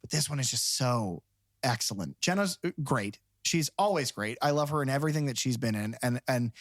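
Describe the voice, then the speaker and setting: Animated man rambling about films. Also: mid-range voice, brisk, no echo, clean studio sound. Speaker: podcast co-host. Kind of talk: casual film discussion.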